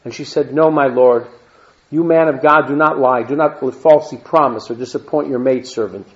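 A Torah teacher with a medium-pitched voice reads scripture at a moderate pace and explains it, interjecting plain asides and Hebrew terms after the verses. The recording is dull and lo-fi.

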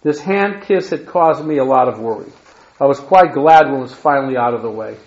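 A man's voice: medium pitch, expressive, a little fast, darkish tone. A man giving a history lecture who reads long quotations from a diary aloud, stumbling and correcting himself as he goes. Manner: reads quotes aloud with restarts and self-corrections. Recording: echoey lo-fi room recording.

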